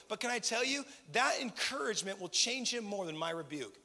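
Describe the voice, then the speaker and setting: A man's voice: high-pitched, animated, a little fast, sharp tone. A man in his thirties preaching a sermon as pastor, conversational and passionate, building to emphatic peaks. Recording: long hall reverb.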